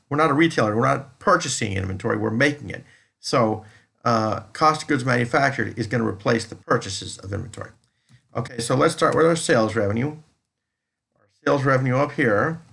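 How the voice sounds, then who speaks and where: A man's voice: mid-range voice, gravelly, a bit bright, breathy edge. A man lecturing on accounting over a screen recording, explaining step by step and restating each point. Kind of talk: recorded lecture walking through a spreadsheet.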